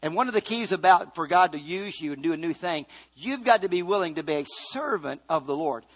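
A man preaching a sermon, animated, repeating phrases and acting out scripture quotes. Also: fairly high pitch, fairly quick. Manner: animated, shouts and repeats for emphasis; acts out scripture quotes in voices.

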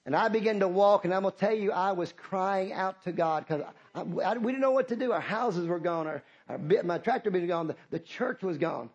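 A man's voice: sits high, fairly quick, hardly any pauses, highs cut off. A middle-aged man, preaching a sermon as pastor, impassioned and repetitive, calling out to the congregation.

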